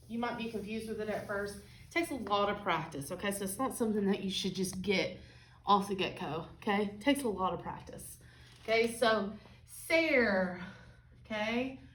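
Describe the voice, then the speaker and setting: A woman's voice: mid-range voice, normal speed, recorded from a distance. A woman teaching a Spanish lesson at a whiteboard, asking "okay?" after nearly every phrase. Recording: echoey room, voice from off-mic.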